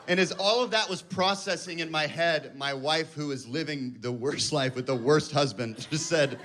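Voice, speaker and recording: Thirties male stand-up, fairly high voice, self-deprecating and animated; live crowd laughing. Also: normal speed, hardly any pauses, a little hiss or hum. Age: 30s. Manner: self-mocking, animated storytelling. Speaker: stand-up comedian. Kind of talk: stand-up storytelling. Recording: live club with audience laughter. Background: audience laughter.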